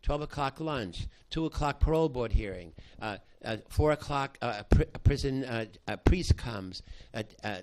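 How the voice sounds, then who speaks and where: An older man, a psychology professor, recounting a past study to an audience in halting speech full of restarts. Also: medium pitch, lively intonation, a little mellow, a little hiss or hum. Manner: halting, with many restarts, acting out quoted voices. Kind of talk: spoken storytelling to an audience.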